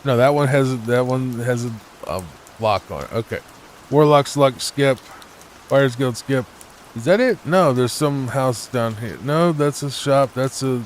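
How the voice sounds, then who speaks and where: A man from the United States giving soft-spoken, rambling gameplay commentary meant for falling asleep, full of hesitations. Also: medium pitch, unhurried, a little hiss or hum. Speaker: gaming channel host.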